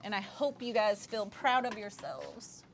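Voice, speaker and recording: Woman language teacher, slow unhurried delivery, patient, repeats words, friendly laughs. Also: mid-range voice, expressive, gravelly, slight background noise. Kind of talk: online language lesson.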